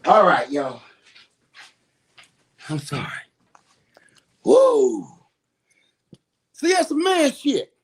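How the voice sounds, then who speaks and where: A man's voice: high-pitched, huge pitch swings, slow pace, pauses often, a bit bright, slightly rough. A middle-aged man talking straight to camera from home in a rambling, emphatic way, repeating his points. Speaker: video host. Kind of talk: casual opinion monologue.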